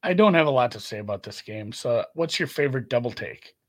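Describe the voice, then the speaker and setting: A man's voice: mid-range voice, fairly quick. A man co-hosting a casual sports betting show, talking games with wry asides. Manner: animated, wry, swears casually. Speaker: podcast co-host.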